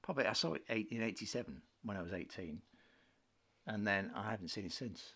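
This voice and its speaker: A man, co-hosting a casual film chat podcast, opinionated and chatty, clearing his throat now and then. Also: on the low side, expressive, fairly quick, a bit bright. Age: 50s. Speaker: podcast co-host.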